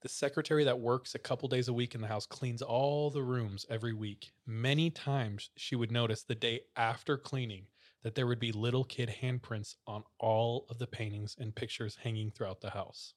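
Male host, relaxed storyteller, mid pitch, informal creepy-tale delivery. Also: moderate pace. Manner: relaxed storyteller, many "like" fillers. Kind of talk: casual storytelling of creepy tales.

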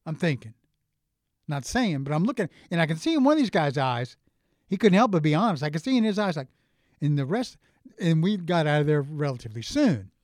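An Irish man with a fairly high voice tells loose, rambling anecdotes in a relaxed interview, laughing as he goes. The sound is dry and close, with almost no room around him. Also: a little fast, no echo. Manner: rambling storyteller, laughs often. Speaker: interview guest. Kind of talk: casual anecdotal chat.

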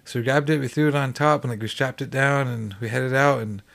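A man's voice: mid-range voice, creaky, fairly bright tone. A man as a podcast guest, telling a hunting story in a rambling way, full of "like" fillers. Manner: fast rambling with many "like" fillers. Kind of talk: casual storytelling.

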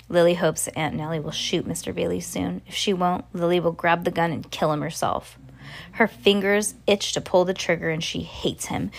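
Low-voiced woman reading a ghost story. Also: normal speed, vocal fry, slight background noise. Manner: expressive, with casual asides. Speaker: storybook reader.

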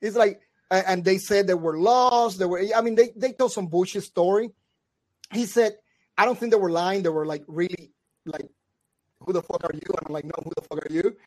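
A guy co-hosting a podcast shares a wild story in easygoing talk, voicing the characters and breaking into laughter again and again. His voice is high and slightly fast.

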